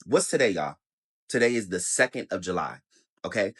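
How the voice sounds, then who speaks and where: A man's voice: low-pitched, animated, normal speed, slightly rough. A man telling a story in a casual rant to camera, heated and swearing a lot.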